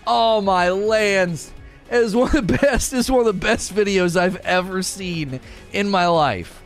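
Talking to his stream audience, a thirtysomething man teases and gets excited, laughing often. His voice is on the high side and his pace a bit slow, with faint music playing in the background.

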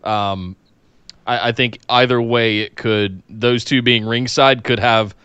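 A man co-hosting a casual wrestling chat, answering in brief, measured replies. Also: mid-range voice, steady tone, a bit bright, clear, resonant tone, dry recording, highs cut off. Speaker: podcast co-host.

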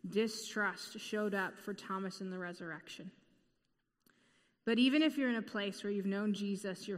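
A woman preaching a sermon in an earnest, measured way, repeating key phrases. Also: mid-range voice, big-room sound.

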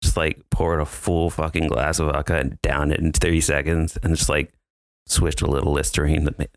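A man cracking quick jokes and laughing often while recapping a horror film with friends. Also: very deep voice, little pitch movement, no room sound, clean studio sound. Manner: jokey quips, frequent laughter. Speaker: podcast co-host. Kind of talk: casual movie recap chat.

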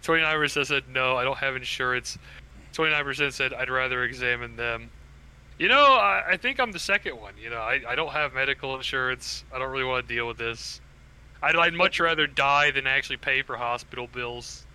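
A man's voice: mid-range voice, a little fast, pushed and bright, clean tone, low-quality recording. A young man hosting a casual group chat, joking, swearing and stumbling over restarts. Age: young adult.

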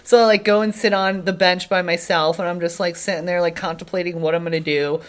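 A young woman, a podcast guest, casually telling an animated story with frequent "like" fillers. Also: on the low side, quick pace. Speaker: podcast guest, CrossFit athlete.

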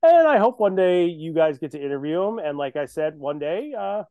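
A man's voice: a little high, sing-song, normal speed, mellow, no room sound. A man chatting casually on a podcast as a guest, boastful and joking. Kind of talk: casual chat.

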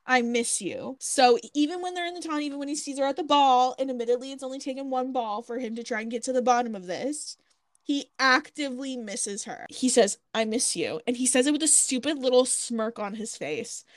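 A woman's voice: high-pitched, brisk. A woman co-hosting a casual fan recap podcast, blunt and sarcastic, swearing as she picks apart a scene. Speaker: podcast co-host.

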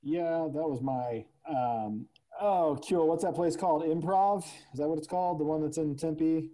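Laid-back host dude, super mellow dark voice, swears a lot, lots of "you know". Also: male voice, a little high, normal speed, low-quality recording. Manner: loose and profane, heavy fillers. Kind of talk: casual chat.

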